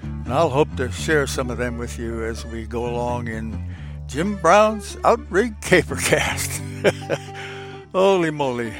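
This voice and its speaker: Over music, an older man with a medium-pitched, expressive voice speaks slowly as he hosts a podcast. His talk is casual, folksy storytelling about the old days, punctuated by frequent chuckles.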